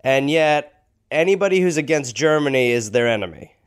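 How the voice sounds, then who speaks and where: A man's voice: a little high, lively intonation, normal speed, clean tone. A man co-hosting a comedy history podcast, firing off sarcastic quips and mock-naive questions.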